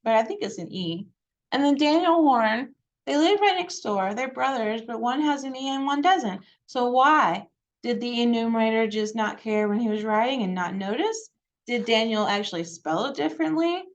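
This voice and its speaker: A woman's voice: a little high, highs cut off. A woman presenting on genealogy at a library, in a chatty, digressive way with many fillers.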